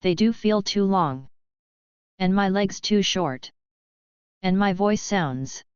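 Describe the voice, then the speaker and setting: A woman reading the lines of a hot-headed young male gangster in a storybook audiobook, loud and demanding. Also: mid-range voice, slow, clean tone, dry recording, highs cut off, lightly acted. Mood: panicked.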